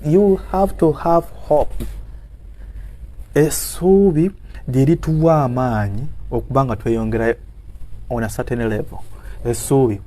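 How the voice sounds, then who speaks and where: A man's voice: mid-range voice, steady tone, a little slow, pauses often, dark tone. A man with a Ugandan accent preaching an encouraging sermon, switching between Luganda and English and repeating phrases for emphasis. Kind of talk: motivational sermon.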